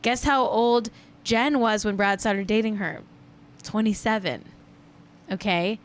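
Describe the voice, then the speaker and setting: A woman's voice: medium pitch, unhurried. A woman hosting a celebrity gossip livestream, chatting casually and rambling, correcting herself as she goes. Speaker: celebrity gossip show host.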